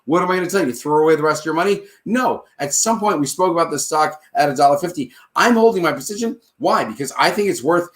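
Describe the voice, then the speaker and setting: A confident man with a slightly higher voice walks through trade numbers in a casual advice monologue. He talks briskly and keeps checking in with his listener. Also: animated, a bit bright. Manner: checks in with "all right?" and "okay?" often. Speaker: stock trading advice host.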